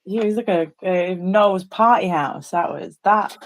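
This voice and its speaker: A woman chats while she paints on a relaxed stream. She teases her friend playfully and often loses her thread mid-sentence. Her pitch sits in a middling range. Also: measured pace. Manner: teasing, playful, rambling with restarts.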